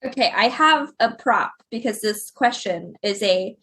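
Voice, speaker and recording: A woman from Florida chatting on a podcast, laughing often as she tells stories with quick asides. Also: fairly high pitch, lively intonation, pushed and bright, breathy edge. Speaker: podcast guest. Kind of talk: casual chat.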